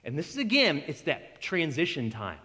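A man preaching a sermon in an animated way, acting out quoted voices and often restarting his sentences. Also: a little high, normal speed, big-room sound.

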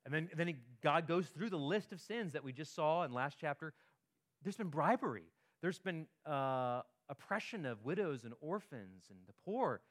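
Male pastor, slightly high voice, chatty sermon delivery with repeated words and tag questions. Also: animated, normal speed.

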